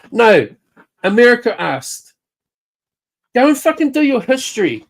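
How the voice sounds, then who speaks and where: A woman's voice: a little high, lively intonation, moderate pace, long pauses. Furious swearing New Zealand woman. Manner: heated, swearing constantly, jabbing at named people. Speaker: livestream chatter. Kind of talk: angry profane rant.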